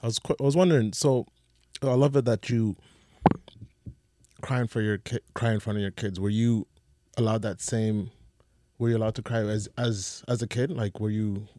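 A male co-host with a somewhat low voice asks curious questions in a rambling, restarting way. He keeps the tone casual as part of an interview chat. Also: steady tone, moderate pace, dark tone.

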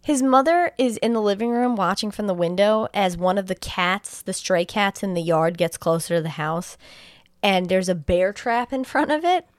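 A woman co-hosting a casual podcast, retelling a movie plot in a giggly, animated way and swearing casually. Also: mid-range voice, moderate pace, clean tone, dry recording, clean studio sound. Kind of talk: casual chat.

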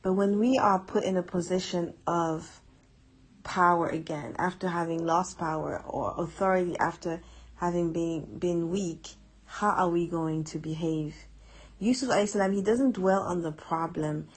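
A woman's voice: on the low side, moderate pace, slightly rough, low-quality recording. A woman giving a conversational Quran reflection lesson, earnest and chatty, repeating words for emphasis. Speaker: Quran teacher.

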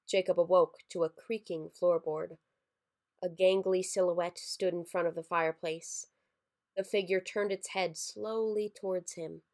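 A woman narrating a scripted horror story in a measured, somber way. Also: on the low side, a little mellow. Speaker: story reader.

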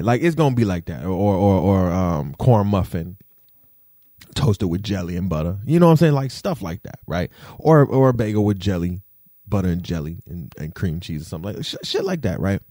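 A man talking in a casual rant, animated, swearing freely and tossing in fillers like "you feel me". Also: deep voice, normal speed, dry recording, studio quality. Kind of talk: casual rant, podcast-style chat.

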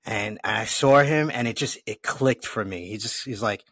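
Casual low-voiced male podcast host. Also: normal speed, hardly any pauses, a bit bright, dry recording, studio quality. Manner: casual, conversational, hesitant fillers. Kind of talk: casual interview chat.

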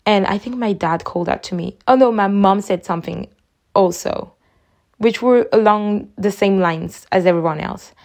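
A woman's voice: mid-range voice, moderate pace, darkish tone. A young woman, talking through personal memories on her own podcast in a chatty, reflective way, often saying "like". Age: young adult. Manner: chatty and reflective, heavy use of "like". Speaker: podcast host.

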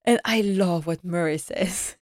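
A woman's voice: fairly low pitch, a little slow, a little mellow, no room sound, clean studio sound. A woman recapping a TV episode in a casual vlog, enthusiastic and chatty, laughing often and acting out the characters' lines. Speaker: TV episode reviewer.

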